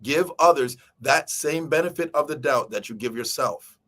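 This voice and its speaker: A man's voice: fairly high pitch, normal speed. A man hosting a live stream, talking casually to his viewers about a book and acting out quoted speech along the way. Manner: animated, addresses viewers directly, acts out quoted speech. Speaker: show host.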